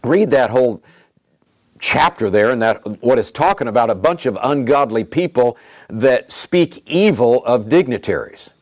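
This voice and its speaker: A man preaching a sermon in an emphatic, animated way, often repeating phrases for stress. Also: mid-range voice, measured pace, no echo.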